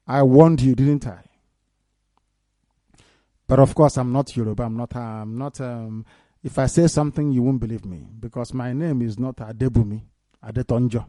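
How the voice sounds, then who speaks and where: A man's voice: medium pitch, steady tone, normal speed, long pauses, dark tone, dry recording. A man with a Nigerian Igbo accent giving mocking news commentary on the radio, laughing often and swinging into indignant outbursts. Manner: sarcastic, laughs often, mixes Igbo into English. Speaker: radio broadcaster.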